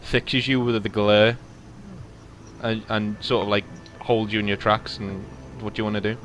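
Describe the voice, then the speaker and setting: A man's voice: fairly low pitch, level tone, normal speed, a bit bright, a little hiss or hum. A man narrating a tabletop game as game master, hesitant and full of fillers. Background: music.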